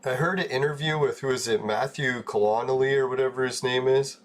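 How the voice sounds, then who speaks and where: A man's voice: mid-range voice, a little fast. Laid-back man chatting on a game stream. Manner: laid-back, chuckling, swears casually. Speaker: live-stream host. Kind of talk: casual live-stream chat while gaming.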